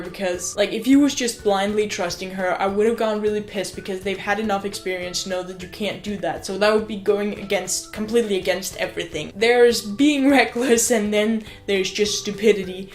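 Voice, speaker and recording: Young female vlogger talking at home, mid-pitched, rambling and excitable, faint music in the background. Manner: excitable, gushing, swears, many "like" fillers. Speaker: student vlogger. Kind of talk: casual rambling vlog chat. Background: faint music from another room.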